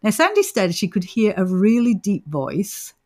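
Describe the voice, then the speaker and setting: A woman's voice: medium pitch, big pitch swings, normal speed, darkish tone. A woman co-hosting a casual paranormal podcast, telling the story in a chatty way and laughing often. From Australia. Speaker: podcast co-host. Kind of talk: casual chat.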